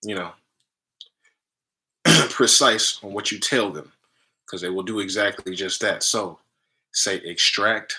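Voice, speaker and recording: A man's voice: low-pitched, rough recording. A man hosting a spiritual healing live stream, teaching casually in loose fragments and tagging lines with "right?". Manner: energetic, emphatic.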